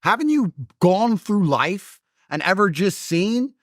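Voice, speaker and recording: Blunt man with lively swinging pitch. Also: slow, no room sound, studio quality. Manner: blunt, swears, mimics other people's voices in his stories. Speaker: interview guest. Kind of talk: forceful opinionated conversation.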